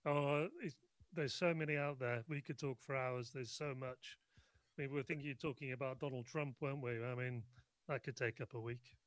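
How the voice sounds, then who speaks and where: A man's voice: mid-range voice, fairly even intonation, a little fast, dry recording. A man from the UK, a guest in a casual talk show conversation, jovial and bantering.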